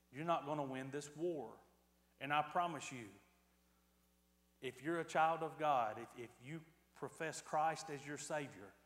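Man, pastor, high-pitched, animated storyteller; echoey hall. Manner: animated storytelling, swings from quiet to loud. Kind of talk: sermon with a personal story.

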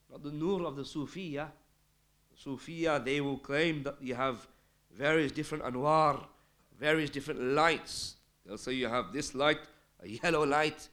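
A man's voice: fairly high pitch, fairly bright tone. A man giving a religious lecture with an emphatic, rising and falling delivery, quoting Arabic texts. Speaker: Islamic lecturer.

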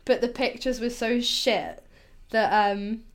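A woman's voice: on the high side, fairly even intonation, takes it slowly. A woman co-hosting a podcast, chatting in a laid-back, hesitant way and saying "like" often. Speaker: podcast co-host. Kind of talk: casual film review chat.

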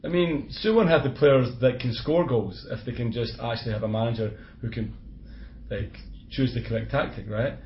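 A man's voice: medium pitch, normal speed, slight background noise. Chatty Scottish man, lo-fi podcast. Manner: chatty, laughs often, blunt opinions. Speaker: podcast co-host. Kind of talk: casual football chat. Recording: dull lo-fi podcast audio.

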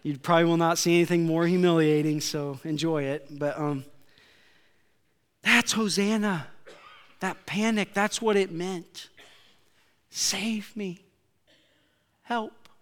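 Male pastor, slightly higher voice, deliberate and smooth, animated sermon delivery in a church with long reverb. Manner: animated storytelling, acting out quotes, shouting at peaks.

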